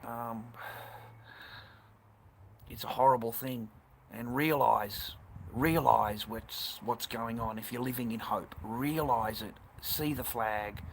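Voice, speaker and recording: Gravelly man swearing on stream. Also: medium pitch, takes it slowly. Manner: swears constantly, blunt and rambling. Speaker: livestreamer. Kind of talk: casual live-stream chat. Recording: noisy background hiss.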